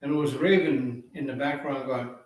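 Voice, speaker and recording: A male storyteller recounting a legend in an easygoing, conversational manner, with the odd filler between phrases. His voice sits at a middle pitch and reaches the mic from a distance, in a room that rings with echo. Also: moderate pace. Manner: relaxed, conversational telling with fillers. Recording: echoey room, far from mic.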